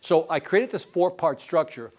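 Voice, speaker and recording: A man leading a live sales training class, quizzing the room with quick questions and answers. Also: on the high side. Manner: animated, quizzing the class with call-and-response questions.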